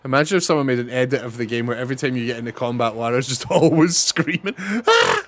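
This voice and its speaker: A man's voice: medium pitch, fast. A young man giving casual, chatty commentary on a game he is playing, swearing and laughing often. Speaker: streamer.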